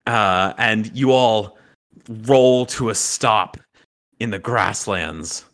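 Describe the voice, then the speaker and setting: A man's voice: fairly low pitch, slow pace, a bit bright. A man narrating a tabletop game as game master, describing the action vividly with frequent fillers.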